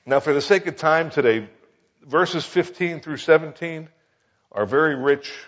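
A man with a husky, slightly breathy voice delivers a conversational Bible teaching, full of asides and quick checks with his listeners. The recording is dull and lo-fi. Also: lowish voice. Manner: conversational, folksy, frequent rhetorical asides. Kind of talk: sermon.

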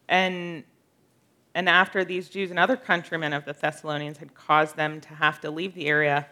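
A woman's voice: lowish voice, fairly bright tone. A woman teaching a casual Bible study, earnest and conversational, with frequent fillers and light laughter.

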